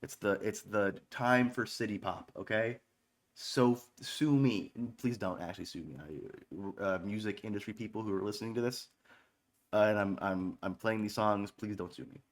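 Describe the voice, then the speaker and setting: A man in his thirties with a lowish, fairly even voice talks at a normal speed as an online radio stream host. Between songs he rambles offhandedly, swears often and cracks self-mocking jokes.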